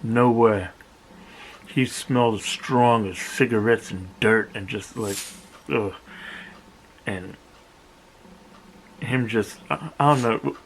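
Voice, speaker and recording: A man's voice: fairly low pitch, slow, vocal fry, long pauses, a little hiss or hum, rough recording. A young man casually telling a camp-out story, cursing and acting out what people said. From South Jersey, USA. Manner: animated, profane, acts out other people's lines. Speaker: vlogger.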